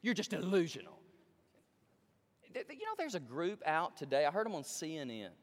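A male pastor preaches emphatically in a large church sanctuary, talking fast in a slightly high voice. He swings from hushed pleading to loud excitement, and the audio has a big-room sound.

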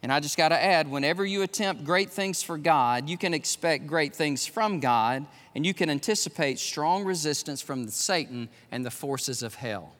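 A man preaching to his congregation, his voice pitched high and bright. He swings from loud, driving exhortation to hushed, pointed emphasis. The sound carries a long reverb off the church hall. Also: expressive, moderate pace, few pauses. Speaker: pastor. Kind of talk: sermon. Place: church sanctuary.

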